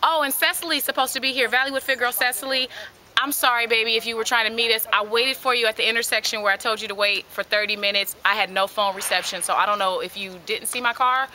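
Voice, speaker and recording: A woman hosting a casual outdoor workout vlog, joking loudly with her friends on a hiking trail. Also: a little high, fast, slight background noise. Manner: loud, joking, animated banter. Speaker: vlog host. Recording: music playing over the talk.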